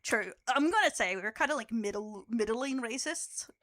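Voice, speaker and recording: A woman's voice: a little high, lively intonation, normal speed, fairly bright tone, no echo. A young Australian woman streaming live, chatting casually with her viewers, laughing often and swearing as she teases.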